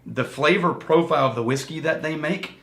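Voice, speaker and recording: A man's voice: a little high, brisk, a bit bright, roomy sound. A man co-hosting a whiskey tasting show, chatting casually and explaining with enthusiasm. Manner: explanatory, enthusiastic, laughs easily.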